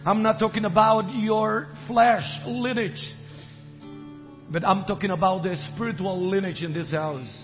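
Brief: middle-aged male preacher from Costa Rica, high, slow and fervent, dull reverberant hall with music behind. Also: fairly even intonation. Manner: fervent, swings from shouting to soft. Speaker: visiting minister. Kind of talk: preaching and prayer.

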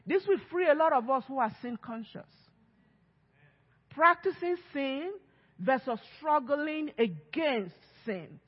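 A woman's voice: high voice, animated, slow. A woman pastor preaching a sermon, emphatic and acting out quoted voices. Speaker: lead pastor. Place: church sanctuary. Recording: echoey church hall, dull lo-fi sound.

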